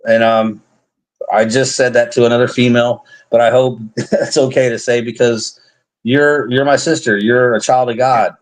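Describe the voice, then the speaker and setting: A man hosts a live faith testimony stream, speaking in a mid-range, steady voice at a moderate pace. His heartfelt, casual chat is earnest and rambling, full of restarts and light jokes, and the online stream's recording is low-quality.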